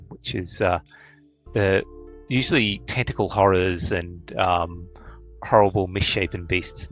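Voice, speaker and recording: A man narrating a tabletop game as its game master. His voice sits a little low and he hesitates often, restarting lines. Soft music runs behind him. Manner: hesitant, full of ums and restarts.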